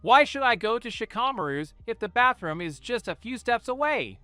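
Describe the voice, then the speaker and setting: A man voicing a hot-tempered teenage male ninja who talks loud, demanding and whiny. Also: very high-pitched, big pitch swings, moderate pace, clear, resonant tone, no room sound, soft background music, pitched above the performer's own voice, heavily acted.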